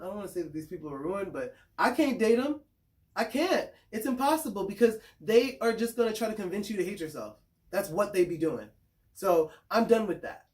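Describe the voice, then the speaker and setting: A woman talking to the camera in a casual monologue, frank and blunt, swearing freely, repeating words as she thinks and often checking in with her listeners. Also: on the low side. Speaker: spiritual consultant and vlogger.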